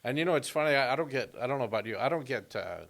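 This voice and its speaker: A man's voice: medium pitch, very fast, vocal fry. A man who works as a comedian, telling stories and joking in a casual podcast conversation. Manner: storytelling, animated and joking.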